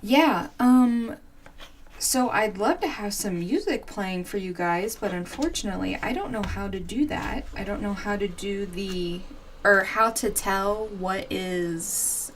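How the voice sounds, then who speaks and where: A woman in her forties chats unhurriedly as she crafts on a livestream. She giggles often and answers viewers' comments. Her speech is slow and easygoing. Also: medium pitch, slight background noise. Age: 40s. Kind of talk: casual chat while crafting.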